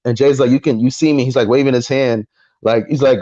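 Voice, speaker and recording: A man co-hosting a casual podcast chat, recounting a story in an animated way and acting out the voices of the people in it. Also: medium pitch, quick pace, muffled recording. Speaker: podcast co-host.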